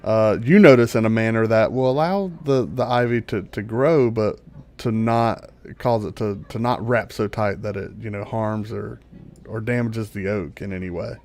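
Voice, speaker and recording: A man narrating a tabletop game as game master, describing scenes in an unhurried way with lots of fillers. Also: fairly low pitch, a little mellow.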